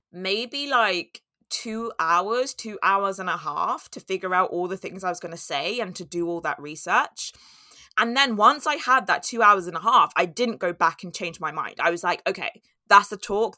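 A woman's voice: mid-range voice, sharp tone, dry recording, studio quality. A young woman telling a candid, reflective personal story in a monologue, now and then acting out her own inner voice.

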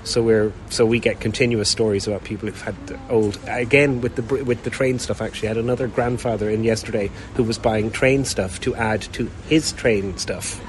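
A man's voice: lowish voice, steady tone, brisk, few pauses, a little hiss or hum, poor audio. A man, a toy shop owner, speaking plainly in a news interview.

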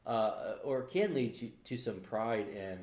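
A man's voice: fairly low pitch, animated, unhurried, a little mellow, roomy sound. A man co-hosting a podcast, chatting casually and joking, with many restarts. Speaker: podcast co-host. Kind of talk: casual chat.

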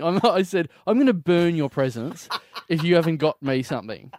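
An Australian man co-hosting a casual comedy podcast, telling stories in an animated, jokey way. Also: fairly high pitch, normal speed, dry recording, clean studio sound. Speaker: co-host.

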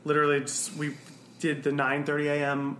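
A young man spins a rambling, animated anecdote full of fillers and restarts. His voice is bright and a little high. The room is echoey with a faint hiss behind him. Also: a little fast. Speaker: guest. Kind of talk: casual storytelling chat.

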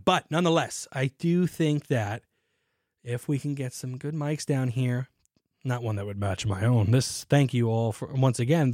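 A man's voice: mid-range voice, a little mellow, no room sound. A man hosting his own podcast from a cramped home studio, talking casually with lots of fillers and self-mocking asides. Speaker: podcast host. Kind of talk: casual solo podcast talk. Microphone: studio microphone.

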